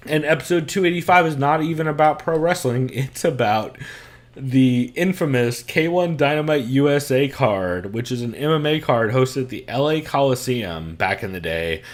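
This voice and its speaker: A man's voice: mid-range voice, normal speed. A male podcast host talking loosely from his room at home, in an ordinary mid-range voice. He rambles from point to point, chuckles often and swears freely. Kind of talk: casual podcast chat.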